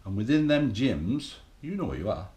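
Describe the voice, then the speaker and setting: A man's voice: medium pitch, sing-song, moderate pace, dark tone. A middle-aged man, talking to camera in a casual, rambling, sweary motivational monologue about bodybuilding. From England. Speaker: bodybuilding vlogger. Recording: echoey room.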